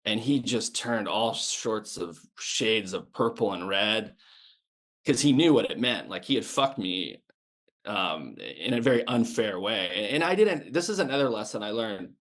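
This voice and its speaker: Lowish and a bit bright, his voice is sing-song and a little slow. He's an American in his fifties, once a Navy sniper, now a podcast guest whose blunt, casual storytelling is packed with restarts and swearing.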